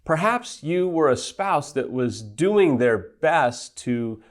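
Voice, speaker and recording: A man's voice: on the high side, animated, takes it slowly. A man giving an earnest teaching talk as a recovery counselor, stressing his points in lists. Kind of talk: teaching monologue.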